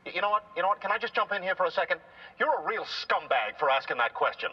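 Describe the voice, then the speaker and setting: An actor voicing a loyal, hot-tempered male talking car in a comedy film, husky and prone to emotional swearing outbursts. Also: high voice, big pitch swings, fast talker, dull audio, background noise. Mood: indignant.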